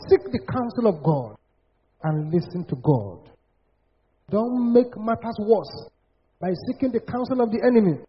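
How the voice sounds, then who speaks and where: A man preaching a sermon in a declamatory way, rising into shouted prophetic chants. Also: high voice, breathy edge. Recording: dull lo-fi sound.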